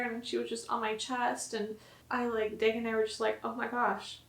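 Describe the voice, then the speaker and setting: A woman's voice: on the high side, normal speed, creaky. Chatty young woman in a roomy space. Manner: chatty, many "like" fillers, animated retelling. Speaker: vlogger. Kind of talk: casual storytelling to camera. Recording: roomy echo.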